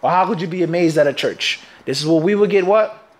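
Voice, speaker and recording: A man with a high voice teaches a hadith class. He talks in emphatic bursts and keeps his students engaged with call-and-response questions, leaving a gap for them to finish each point. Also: a little fast. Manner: emphatic, punchy delivery. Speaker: Islamic teacher.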